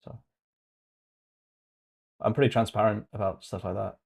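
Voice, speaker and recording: Male streamer, casual chat, jokey, laughs a lot, a little low pitched. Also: steady tone, moderate pace, creaky, darkish tone, breathy edge. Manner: joking, laughs at his own jokes. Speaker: channel host.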